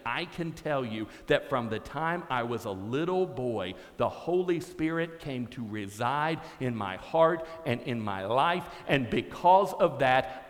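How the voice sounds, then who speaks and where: A man preaching a sermon from a church stage, telling stories dramatically and shifting from quiet to loud. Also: mid-range voice. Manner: dramatic storytelling, swinging from hushed to shouted. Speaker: pastor. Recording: long hall reverb.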